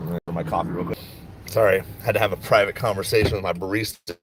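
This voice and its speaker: A man's voice: sits low, steady tone, fast talker, noisy background. A man talking casually on a phone livestream about his stock picks, joking, swearing and laughing while he drives and waits in a coffee line. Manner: laid-back, joking, swears freely, laughs often. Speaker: stock market vlogger. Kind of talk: casual rambling livestream chat. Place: in a car and at a coffee shop.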